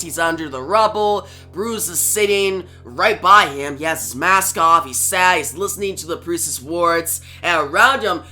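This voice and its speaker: A man's voice: sits high, pushed and bright. A man reviewing a comic book on video, retelling the story casually and talking to viewers. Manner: plain retelling with fillers and asides to viewers.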